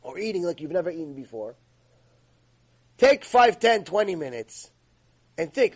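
A man's voice: high voice, very animated, normal speed, long pauses, husky, poor audio. A man teaching a religious ethics lecture in an emphatic, scolding way. He acts out the voices he quotes. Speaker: Torah teacher.

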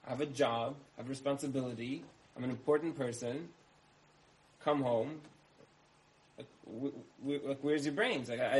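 A man's voice: mid-range voice, natural voice, rough recording. A man doing an exasperated self-important husband. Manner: indignant, rambling complaint.

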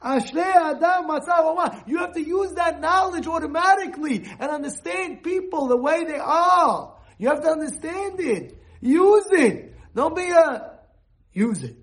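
A man giving an informal sermon, animated and full of restarts, breaking into shouted quoted voices. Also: extremely high pitch, unhurried. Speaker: rabbi giving a talk. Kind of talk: informal sermon with acted examples.

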